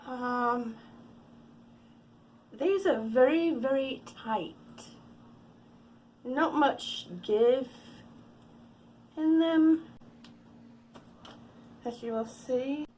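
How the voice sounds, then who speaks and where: A woman's voice: sits high, very slow, long pauses, a little mellow, a little hiss or hum. A woman in her fifties chatting through her day at home in a casual vlog, out of breath, laughing often and cooing at her cats. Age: 50s. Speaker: vlogger.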